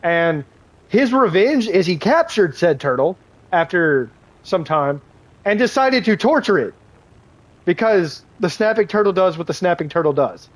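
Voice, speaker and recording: A man's voice: high voice, sing-song, measured pace. Rambling young man streaming a game. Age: young adult. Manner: rambling storyteller, swears freely, many fillers. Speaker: gaming streamer. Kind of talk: casual live-stream chat while playing.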